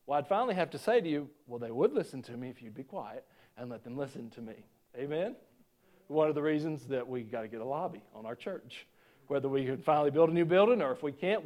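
A man's voice: fairly high pitch, a little mellow. A male pastor preaching a conversational sermon, asking the congregation questions and adding joking asides.

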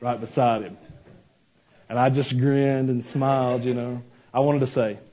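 A man's voice: medium pitch, flat delivery, measured pace, dark tone, muffled recording. A man preaching a sermon as pastor, mixing scripture with folksy personal stories and asides to the congregation.

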